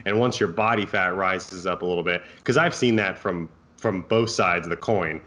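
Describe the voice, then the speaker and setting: A man with a fairly low voice co-hosts a casual fitness podcast. He talks in a relaxed, easygoing way and slips jokes into his advice. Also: moderate pace. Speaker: co-host and fitness coach.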